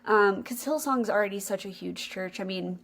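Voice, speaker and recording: A woman's voice: medium pitch, normal speed, vocal fry, fairly bright tone. Young woman, podcast host, earnest and emotional storytelling, casual chat.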